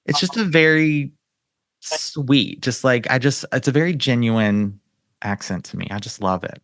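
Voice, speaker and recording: A man's voice: medium pitch, measured pace, fairly bright tone, no echo, studio quality. A man with a North Carolina Southern accent, hosting a podcast as a flirt coach in an upbeat, chatty, affirming way. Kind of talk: casual interview chat.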